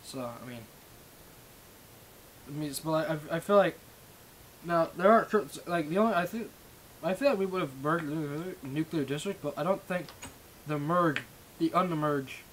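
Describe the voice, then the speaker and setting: A man's voice: on the high side, moderate pace, pauses often, fairly bright tone, slight background noise, poor audio. Profane rambling young man ranting. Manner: rambling and profane, with frequent restarts. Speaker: livestream host. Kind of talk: ranting casual monologue.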